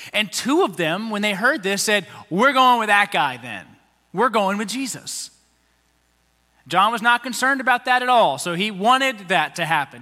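Guy pastor giving a chatty sermon, high voice, reverb-y hall. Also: bright, forceful tone. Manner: conversational, acts out quotes in voices.

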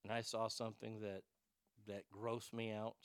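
A man's voice: on the low side, level tone, moderate pace, clean tone, no room sound, clean studio sound. A man hosting a talk radio show, ranting animatedly about a reality show with crude asides and stammered restarts.

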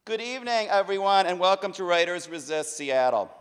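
A man's voice: high-pitched, lively intonation, clear, resonant tone. A man hosting a public reading, reciting quotations in a dramatic, emphatic way into a stage microphone in a large public hall. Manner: declamatory, emphatic, measured delivery. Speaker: event host reading quotations. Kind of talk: dramatic spoken-word recitation. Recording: long reverb of a large hall.

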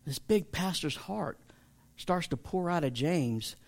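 A man's voice: fairly high pitch, expressive, slow, creaky. Chatty man teaching Scripture. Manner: chatty, emphatic, joking with listeners. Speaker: pastor teaching a Bible study. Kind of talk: casual evening Bible teaching.

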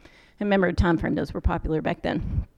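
A woman's voice: on the low side, brisk, vocal fry, highs cut off. An American woman, a social work professor, telling a travel story in a conversational lecture and acting out the people she quotes. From United States. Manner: conversational storyteller, quoting people in lively voices.

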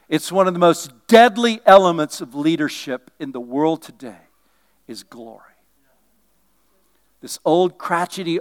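Middle-aged male pastor, fairly high voice, animated sermon delivery with playful asides. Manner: animated, swinging from loud bursts to quiet asides, joking.

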